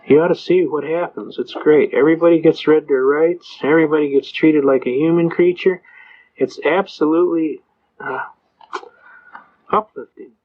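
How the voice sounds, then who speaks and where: A man's voice: a little high, fairly even intonation, moderate pace. Older man giving a folksy lecture. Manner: rambling, folksy, with frequent "uh" fillers. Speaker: lecturer on citizens' rights. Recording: dull lo-fi recording.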